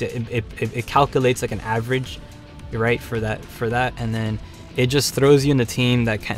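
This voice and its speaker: A man hosting a game livestream who talks casually with lots of fillers and restarts, then slips into play-by-play commentary. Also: mid-range voice. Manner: rambling, filler-heavy talk turning to play-by-play. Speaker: livestream host.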